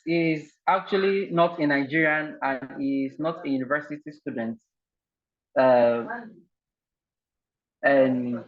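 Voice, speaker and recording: Male video-call host, polite and hesitant, slightly high voice, muffled audio. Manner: polite, repeats words, many fillers. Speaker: online session host. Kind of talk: casual video call game hosting.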